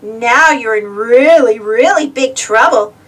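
Give me a bossy, dramatic little girl, read by a woman, husky and a bit far from the mic. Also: on the high side, takes it slowly, fairly bright tone. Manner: bossy, tattling.

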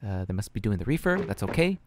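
A young man giving casual let's-play commentary on a strategy game, flustered and self-mocking, thinking out loud with many fillers. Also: on the low side, sing-song, quick pace, slight background noise. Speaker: gaming channel host.

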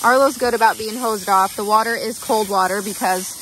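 A woman's voice: mid-range voice, a little fast, a bit bright. Brief: woman, horse vlogger, casual chatty narration recorded outdoors on a camera mic, light background noise. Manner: chatty, talks baby talk to her horse.

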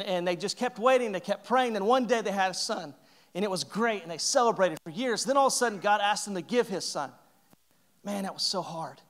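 A male pastor preaching a sermon, telling a story with lively acted-out quotes and joking asides. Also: sits high. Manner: animated storytelling, acting out characters' lines.

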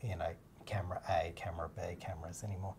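A man, a documentary filmmaker and cinematographer, co-hosting a casual explanatory chat. He talks in a relaxed, practical way, with many fillers. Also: deep voice, fast, slightly rough. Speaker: co-host.

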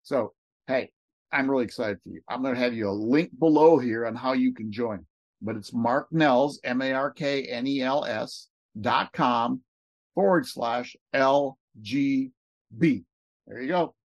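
An eager man narrating a screen recording, talking quickly and rambling as he clicks through pages. His voice sits at an ordinary pitch and the sound is close and dry, with no room echo. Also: muffled recording. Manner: excited, rambling, talks fast. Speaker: network marketing recruiter. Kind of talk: screen-share walkthrough.

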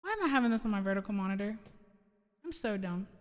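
A woman's voice: medium pitch, expressive, quick pace, in a large hall. A woman streamer and singer chatting casually with her live chat, rambling and giggling as she loses her train of thought.

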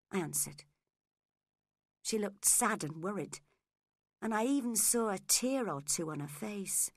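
A woman narrating a classic story in a slow, clear reading for English learners. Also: medium pitch, lively intonation, dry recording, studio quality. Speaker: narrator of a graded English reader.

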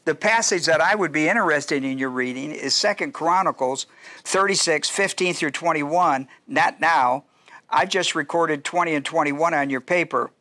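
A man's voice: fairly high pitch, normal speed, pushed and bright. A male pastor teaching a Bible study class in a conversational, digressive way, often restarting sentences and asking the audience questions.

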